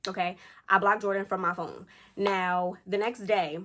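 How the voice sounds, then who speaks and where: A woman's voice: medium pitch, unhurried. A young woman, chatting at home as a storytime vlogger and acting out the quotes of people in her story. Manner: chatty and animated, acts out quotes. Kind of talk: casual storytime chat.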